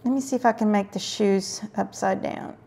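A woman's voice: mid-range voice, fairly even intonation, normal speed, vocal fry, breathy edge. A middle-aged woman hosting a casual crafting tutorial, chatting while she works and murmuring to herself at times. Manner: chatty, warm asides while working, drifts into murmurs. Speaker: craft video host.

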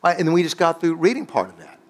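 Lively preacher man. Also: on the high side, quick pace. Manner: animated, call-and-response with congregation; rambling, restarts and searches for words. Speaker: guest preacher. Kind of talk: sermon.

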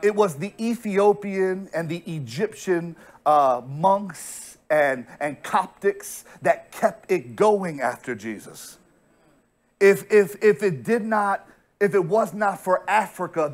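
A man's voice: high-pitched, lively intonation, slow. A man from the United States, a pastor preaching a sermon, telling a story with strong emphasis and repeating words to drive a point home.

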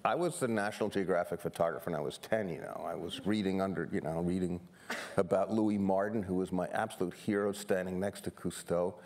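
An older man from New York City, telling stories on stage as a guest photographer, animated and self-deprecating, often restarting his sentences. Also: low voice, fairly quick. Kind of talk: humorous stage conversation. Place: seminar stage before an audience.

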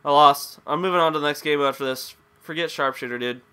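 A man's voice: fairly high pitch, fast talker, pushed and bright, clean tone. A young man giving live gameplay commentary, frustrated, swearing and ranting at the game. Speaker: gaming commentator.

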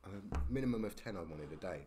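A man, a podcast guest telling stories in casual talk, animated and full of slang and tag questions. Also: deep voice, fast, background noise. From England. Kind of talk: casual storytelling.

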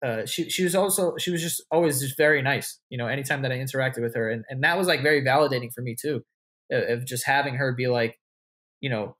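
A man's voice: medium pitch, fast, fairly bright tone. A man, telling stories as a podcast guest in a loose, rambling way full of swearing and restarts. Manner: loose, swearing often, many likes and restarts. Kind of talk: casual interview storytelling.

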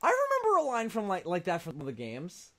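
A man co-hosting a casual podcast chat, joking and swearing with animated energy. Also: high voice, fairly quick. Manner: animated, swears, jokey asides. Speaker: podcast co-host.

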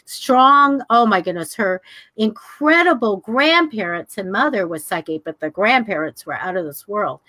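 An older woman co-hosting a psychic talk show, telling stories in a casual, animated way, acting out the voices of people in them and laughing often. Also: mid-range voice. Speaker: psychic radio show co-host. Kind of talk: casual storytelling chat.

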